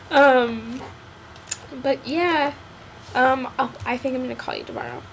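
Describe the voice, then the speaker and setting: Slow, rambling young woman. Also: high-pitched, noisy background. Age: young adult. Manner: rambling, jokey, giggly. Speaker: college student. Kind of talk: casual video message to a friend.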